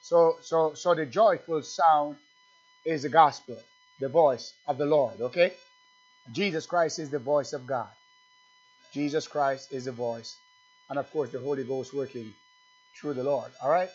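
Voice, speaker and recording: A man preaching a sermon, emphatic and fervent, swinging from loud bursts to low conversational asides and quizzing his congregation. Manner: asks the congregation questions. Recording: dull lo-fi church recording.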